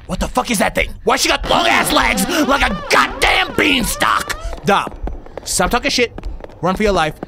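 High, lively man yelling through a horror game. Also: normal speed, vocal fry, background noise. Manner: profane, yelling and panicking, reading on-screen text aloud. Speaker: gaming YouTuber. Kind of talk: horror game let's play commentary.

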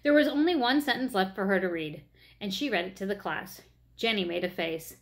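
A woman reading a children's chapter book aloud, with expressive narration. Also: medium pitch, brisk. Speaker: reader.

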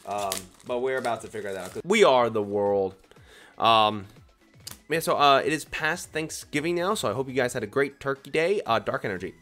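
A young man hosting a casual card-opening video, chatting excitably and teasing the cards as he flips through them. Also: mid-range voice, normal speed, faint music behind. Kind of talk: casual commentary while opening packs.

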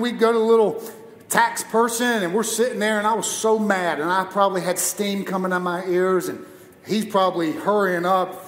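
High-voiced male preacher in echoey hall. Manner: lively personal storytelling with humor. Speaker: guest preacher. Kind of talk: sermon. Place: church auditorium.

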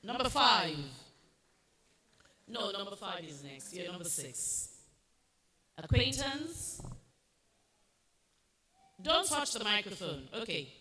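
At a school spelling bee, a woman with a bright, mid-range voice reads out words slowly and deliberately, judging spellings and giving firm instructions. She is very animated, and the hall is echoey with faint noise.

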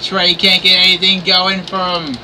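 A man narrates his own wrestling video game match in an animated way, cursing and complaining when the game goes against him. His voice sits a bit high. A clear air conditioner hum fills the background of the stream. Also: normal speed, distant mic. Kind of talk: livestream play-by-play commentary.

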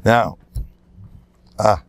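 A man's voice: extremely slow, dry recording. An older man, a rabbi, telling anecdotes in a lecture, laughing at his own jokes and acting out the voices of people in his stories. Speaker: rabbi giving a talk.

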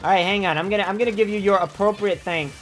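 A man streaming a live game, talking in a theatrical way that swings from low mumbles to sudden yells. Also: fairly even intonation, quick pace, faint music behind.

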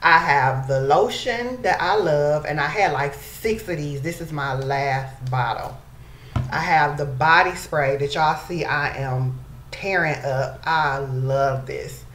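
A woman's voice: low voice, slow pace, a bit bright. A woman chatting casually to her viewers in a beauty vlog, calling them y'all. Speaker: beauty vlogger. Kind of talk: casual chat to camera. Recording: echoey room, faint background noise.

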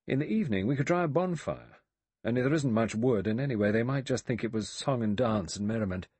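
A man's voice: medium pitch, lively intonation, fast talker, a little mellow, slightly rough, dry recording. A man playing a sardonic, clipped adventurer. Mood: practical. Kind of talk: audiobook character voice.

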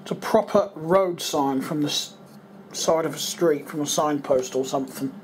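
A slightly high-voiced Englishman talks at a normal pace while tidying, offering a rambling running commentary for his vlog. He mumbles to himself and drops thoughts halfway, and there's a little hiss or hum in the recording.

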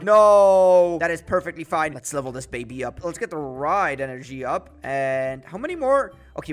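Excitable young gaming commentator, high voice. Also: male voice. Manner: jokey, excitable, dramatic outbursts. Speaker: gaming YouTuber. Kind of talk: gameplay commentary. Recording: faint music behind.

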